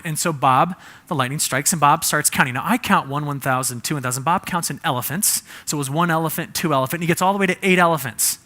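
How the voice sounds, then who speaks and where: A man gives a humorous presentation, quizzing his audience and asking for shows of hands. His voice sits a little high and sounds bright and forceful. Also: quick pace.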